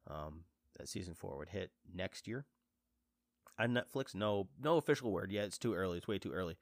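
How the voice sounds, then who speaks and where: A man's voice: deep voice, animated, moderate pace, no room sound, studio quality. A man chatting casually to his viewers as a fan, rambling and enthusiastic, with many fillers and restarts. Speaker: vlogger reviewing a TV series. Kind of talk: casual chat to camera.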